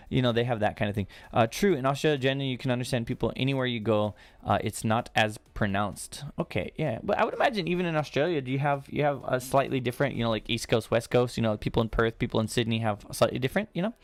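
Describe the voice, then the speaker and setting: A man's voice: medium pitch, a little fast, no room sound. A man, hosting a casual live-stream Q&A and rambling with lots of fillers. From United States. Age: 30s. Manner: rambling, chatty, many fillers and restarts.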